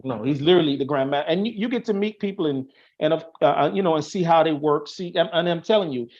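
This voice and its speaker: This man's voice is on the high side and darkish, heard in a muffled recording. As a guest Masonic officer on an online show, he explains matters in casual chat, earnest and prone to restarting his sentences and using fillers as he thinks aloud.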